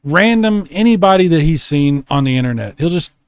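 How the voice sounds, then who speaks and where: A man's voice: a little high, lively intonation, brisk, smooth, no echo, clean studio sound. A man hosting a casual late-night stream, drunk, rambling and swearing as he reads chat aloud from home. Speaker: streamer host. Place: home room.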